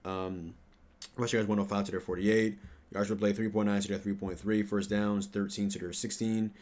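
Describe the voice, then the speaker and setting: Low-voiced man riffing on game stats. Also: level tone, moderate pace. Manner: rambling, profane, bursts into loud trash talk; fillers and self-corrections while reading stats. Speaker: sports fan channel host. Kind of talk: casual stat-reading reaction commentary.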